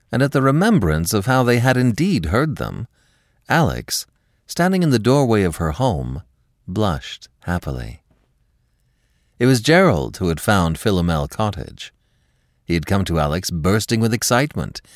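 A male audiobook narrator with a deep, low voice and a very lively pitch that rises and falls. He reads a classic story in a measured, expressive way. The recording is dry and close, with no room sound. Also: no echo. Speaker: podcast narrator.

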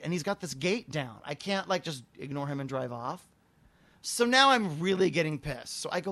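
A man's voice: sits high, normal speed, no echo. A man hosting a casual talk show, telling a long story with lots of swearing and acted-out dialogue. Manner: profane, animated storyteller acting out dialogue. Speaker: podcast host telling a story. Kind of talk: casual chat.

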